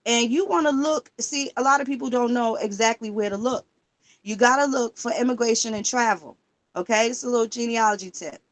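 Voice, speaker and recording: Woman ranting on her stream, kinda high voice, cussing a lot, lots of "right?" and "okay?". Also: fairly quick. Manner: profane, emphatic, fires rhetorical questions. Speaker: livestream host. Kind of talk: casual talk while searching records online.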